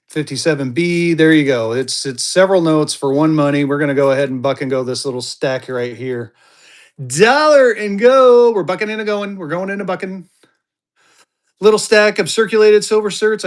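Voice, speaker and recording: A man, chatting casually to viewers as a live-stream seller and thinking aloud as he digs through his stock. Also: on the high side. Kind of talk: casual live auction chat.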